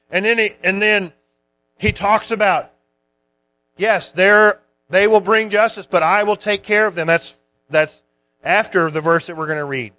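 A man with a notably high voice preaches in an easygoing, conversational way. He explains scripture verse by verse, pausing and rephrasing as he goes. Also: pushed and bright. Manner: conversational Bible teaching with restarts. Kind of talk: sermon.

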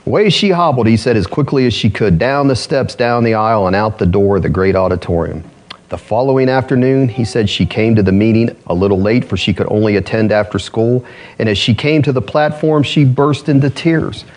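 A male pastor preaching a sermon in an animated style, climbing high for emphasis and dropping low and slow to tell a story.

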